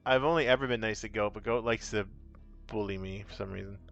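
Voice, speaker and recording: A man's voice: fairly low pitch, quick pace, gravelly, fairly bright tone, dull audio, soft background music. A man streaming a card game, chatting casually with his viewers in a playful, rambling way. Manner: breaks into silly sing-song. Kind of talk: casual live-stream chat.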